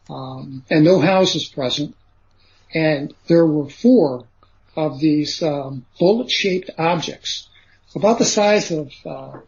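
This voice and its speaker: A man, a guest on an interview show, recounting a story at length in a rambling way, full of fillers and "he says" asides. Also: fairly high pitch. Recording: dull lo-fi radio recording.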